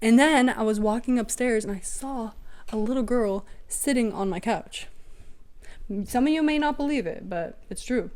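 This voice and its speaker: Young female co-host, giggly storyteller, pitch sits a little high, relaxed home conversation. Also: normal speed. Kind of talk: casual chat.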